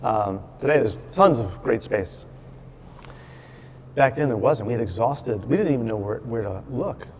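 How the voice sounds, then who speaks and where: A man tells a long story in a casual chat, bringing each character in it to life with quick quoted lines and lively restarts. He is recorded in his brewery, where a faint hum of the room stays underneath his voice. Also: medium pitch. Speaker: brewery owner, guest.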